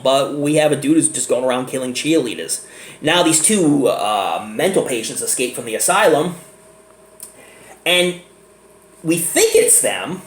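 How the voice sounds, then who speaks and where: A man giving a casual, rambling movie review, laughing often as he talks. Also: mid-range voice. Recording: echoey room.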